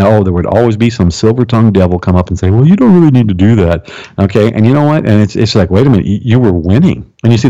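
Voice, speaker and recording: Low gravelly guy preaching, keeps going "right?", mellow voice, dull lo-fi sound. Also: no echo. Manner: animated, keeps asking "right?" and "okay?"; jumps high in pitch for emphasis. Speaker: pastor, guest. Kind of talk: preaching commentary while reading aloud.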